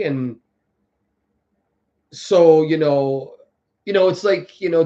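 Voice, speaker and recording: A man running a casual livestream riffs on politics, repeatedly starting over and ridiculing others through exaggerated impressions. He speaks at normal speed in a fairly high voice with a darkish tone, and the sound is dull and lo-fi.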